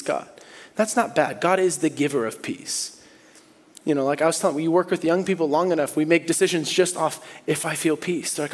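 A man preaching a sermon as pastor in a church, animated, moving between hushed and loud, high tones when he imitates people. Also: brisk. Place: church sanctuary. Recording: long hall reverb.

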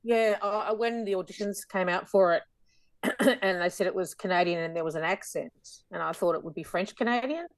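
Australian woman, 50s, lower register, animated chatty podcast guest, dry sound. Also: brisk, dry recording. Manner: animated, chatty with frequent laughter. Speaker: guest performer. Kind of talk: casual podcast conversation.

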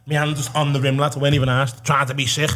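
A man's voice: mid-range voice, flat delivery, racing, fairly bright tone. A man, a guest telling rowdy stories with lots of swearing and laughter. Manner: swearing, laughing, calls everyone lad. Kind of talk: casual storytelling.

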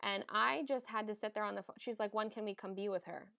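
A woman's voice: medium pitch, fairly even intonation, fast, vocal fry, bright, forceful tone, no echo. Young woman er nurse podcasting, blunt and sweary, dry close mic. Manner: frank, emphatic, swears freely. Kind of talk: candid casual chat.

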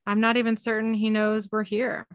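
An earnest young man explaining a danger, read out by a woman in her own voice. The voice is mid-pitched, close and dry. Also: normal speed, no echo, natural voice. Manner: read aloud flatly from notes.

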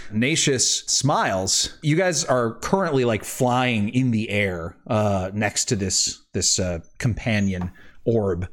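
A man narrating as game master in a casual, hesitant way with fillers. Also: medium pitch.

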